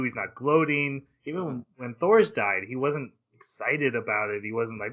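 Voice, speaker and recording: A man co-hosting an anime podcast in casual chat, excitable and quick to laugh, often stumbling into restarts. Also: mid-range voice, muffled recording. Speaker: podcast co-host.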